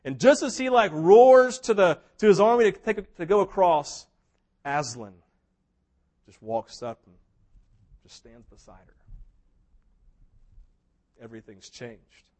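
A man preaching a sermon in a fairly high voice. He tells his story with animation, rising to loud, excited peaks and dropping to quiet, hushed moments, and briefly acts out the characters as he goes. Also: a little slow, pauses often. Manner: mimics characters in quoted asides. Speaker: pastor.

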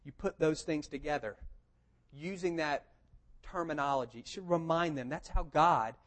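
A man preaching a sermon, telling the story in a lively conversational way and asking rhetorical questions. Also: a little high, moderate pace. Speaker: pastor. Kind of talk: expository sermon.

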